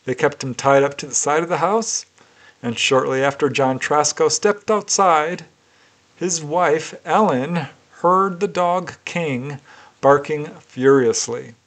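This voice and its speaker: Male narrator, slightly high voice, measured and deliberate case retelling. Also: a bit bright. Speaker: UFO researcher and narrator.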